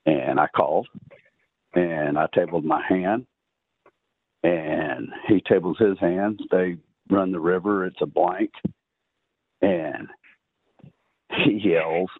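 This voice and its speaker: A man's voice: sits low, slow, long pauses, slightly rough, no room sound. A man with a Texan accent telling a long poker story as a podcast guest, rambling with many uhs and ums. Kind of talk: casual storytelling. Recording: dry, tinny phone-line sound.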